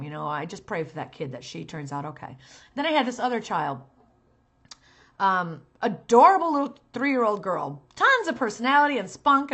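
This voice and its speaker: Counseling parents with earnest insistence, the middle-aged talent manager sometimes slips into a sharp, reproachful tone. She speaks in a mid-range voice.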